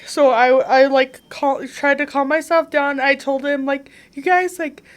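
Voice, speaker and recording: A woman guest on an interview show, telling her story in a chatty, animated way, full of "like" fillers. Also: high voice, unhurried. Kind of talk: casual conversational storytelling.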